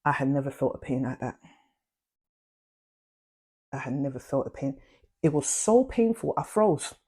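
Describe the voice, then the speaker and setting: A young woman, talking straight to her viewers in a casual, animated storytime full of slang. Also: extremely low pitch, moderate pace, breathy edge. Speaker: vlogger.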